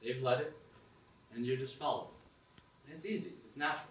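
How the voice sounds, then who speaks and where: A young man on stage spinning an animated second-person story, slipping into acted inner voices. He is heard from some distance in a roomy, echoing hall, with a faint hum of ambience behind him. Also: medium pitch, brisk. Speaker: open mic performer. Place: performance hall with audience.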